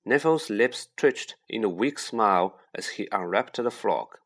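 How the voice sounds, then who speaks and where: Male audiobook narrator; unhurried, animated. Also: fairly low pitch.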